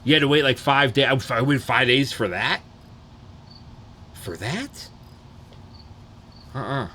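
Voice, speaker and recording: A man is ranting on a livestream in a loose, animated, profane way. His voice has a bright, forceful edge, and he keeps circling back to check that his listeners follow. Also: medium pitch, slow pace. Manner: animated, profane, repeats "you know what I'm saying". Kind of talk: casual livestream rant.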